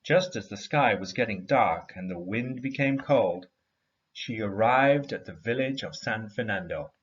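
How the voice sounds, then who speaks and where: A man reading a story aloud to a class in an expressive storytelling manner. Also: on the low side, unhurried, muffled recording. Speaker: teacher.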